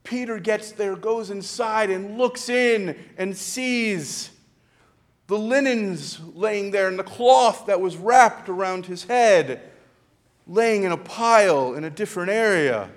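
A man preaching a sermon, retelling a story slowly and dramatically, with pauses and hushed passages. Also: high voice.

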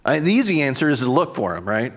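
A man's voice: mid-range voice, sing-song, fast. A man, a pastor, delivering a reflective sermon and voicing quoted dialogue expressively.

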